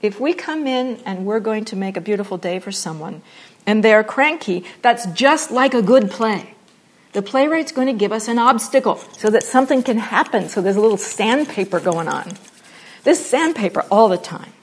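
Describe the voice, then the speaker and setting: Woman teaching meditation n acting, playful, acts out little bits, goes soft n slow on the repeats. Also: mid-range voice. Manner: animated and playful, acting out examples with laughter; drops to soft, slow repetition when guiding meditation. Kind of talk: spiritual talk mixing meditation and acting.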